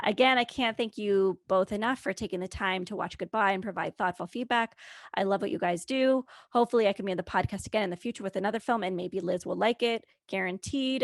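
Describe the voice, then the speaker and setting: A woman's voice: medium pitch, gravelly, no echo, clean studio sound. A woman co-hosting a filmmaking podcast, chatting casually in a supportive, playful way. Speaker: podcast co-host. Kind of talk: casual chat.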